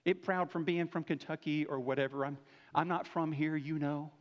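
A man's voice: on the high side, steady tone, normal speed. A man preaching a sermon to his church in a casual, conversational way, checking in with listeners by asking "right?" often. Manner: conversational preaching, frequent "right?" tag questions. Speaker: pastor. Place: church sanctuary. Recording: dull lo-fi church hall recording.

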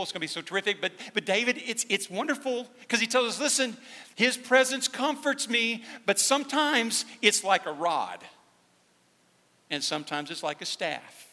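Man, pastor preaching, fairly high voice, hushed lows and fervent highs, long reverb of a church hall. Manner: swings from hushed, slow emphasis to loud, high-pitched fervor. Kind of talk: sermon.

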